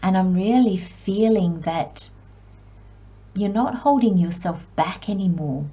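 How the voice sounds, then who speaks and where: A woman reading tarot for her viewers in a slow, unhurried delivery, her voice soft with a husky edge. She speaks reflectively and with gentle encouragement, sometimes poking fun at herself. The recording sounds slightly muffled and lo-fi. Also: medium pitch, animated. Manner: self-deprecating asides, light giggles. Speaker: tarot reader. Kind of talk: pick-a-card tarot reading.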